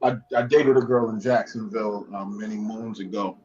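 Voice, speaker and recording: A man's voice: fairly low pitch, steady tone, moderate pace, darkish tone, muffled recording. A man chiming in with joking remarks during a casual chat.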